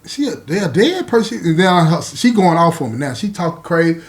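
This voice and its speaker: A man casually telling a personal story to his listeners, animated and full of asides. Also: fairly high pitch, a little fast. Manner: animated, talks straight to listeners with frequent asides.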